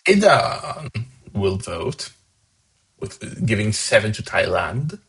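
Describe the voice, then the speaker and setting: A man's voice: fairly low pitch, very animated, slow, vocal fry, a bit bright, husky, poor audio. A man hosting a fan song contest, casually reading out each voter's points with chatty asides. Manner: casual, chatty, upbeat about scores. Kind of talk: live commentary reading out votes.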